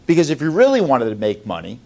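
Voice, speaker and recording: ブツブツ言いながら社員を叱咤する男性. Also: male voice, huge pitch swings, quick pace, gravelly. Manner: blunt, profane, lecturing, swings between loud and low. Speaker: sales company owner addressing staff. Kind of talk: motivational talk to employees.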